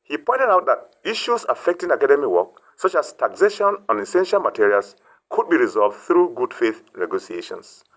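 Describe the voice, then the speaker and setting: A man's voice: on the high side, big pitch swings, moderate pace, a bit bright, low-quality recording. A man delivering a scripted news report as correspondent in a formal way.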